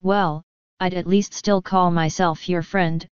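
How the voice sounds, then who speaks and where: A woman's voice: on the low side, fairly even intonation, measured pace, smooth, no room sound, muffled recording, close to an everyday voice. A woman voicing a tough female griffon mercenary who talks in a blunt, offhand way, in a storybook reading. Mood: regretful.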